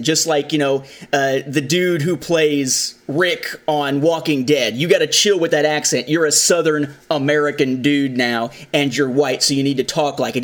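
A man with a somewhat high voice hosts a casual discussion about films. He talks with animation, leaning into the lines he quotes. His delivery stays loose and conversational. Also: steady tone, normal speed, hardly any pauses, a bit bright. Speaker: podcast host.

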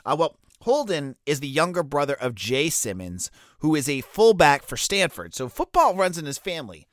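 A man's voice: a little high, sing-song, moderate pace, fairly bright tone, dry recording, studio quality. A man with a Boston accent giving casual solo commentary as a college football recruiting analyst, talking loosely with fillers and restarts. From Boston area. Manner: conversational, many fillers and restarts.

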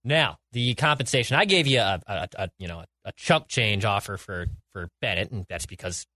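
A man's voice: fairly low pitch, expressive, moderate pace, sharp tone, dry recording, studio quality. A man co-hosting a sports podcast, confident and jokey, backing his picks with stats. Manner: confident, jokey, stat-heavy. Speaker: podcast co-host. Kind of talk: casual sports chat.

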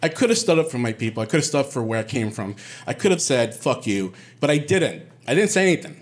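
A man from Puerto Rico telling a personal story on stage, animated and quoting others in lively bursts. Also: medium pitch, fast talker. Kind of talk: live storytelling.

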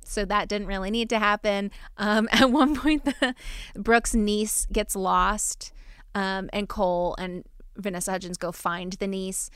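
Wry woman podcast host, smooth and dry. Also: medium pitch, fairly even intonation, measured pace, fairly bright tone, dry recording. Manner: wry, laughs often, runs the segments. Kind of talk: casual movie recap chat.

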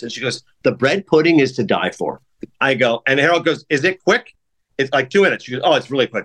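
Fast-talking male podcast host. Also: mid-range voice, breathy edge. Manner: rapid, animated anecdotes with acted-out quotes. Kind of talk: casual storytelling chat.

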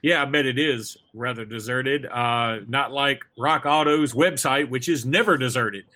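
A man's voice: mid-range voice, a little slow, sharp tone. A young man hosting a casual sports podcast, chatting in a rambling, jokey way full of fillers. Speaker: podcast host.

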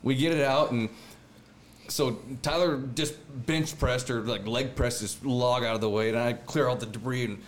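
A young man tells a fishing story in a relaxed, slangy way, getting animated as he acts out the voices of the people in it. A faint hum of noise sits behind his voice. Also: mid-range voice, moderate pace. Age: young adult. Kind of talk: casual chat.

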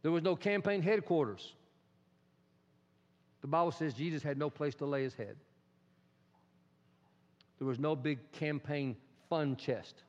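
A man preaching a sermon as a pastor, swinging between loud and hushed delivery and acting out quotes. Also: on the high side, a little slow, long pauses. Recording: dull sound in a reverberant hall.

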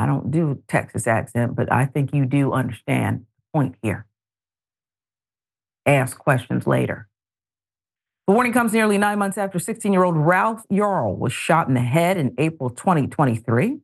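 A middle-aged woman hosting a news talk show, reading stories and adding pointed, animated commentary. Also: deep voice, vocal fry. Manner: animated, editorializing with pointed asides.

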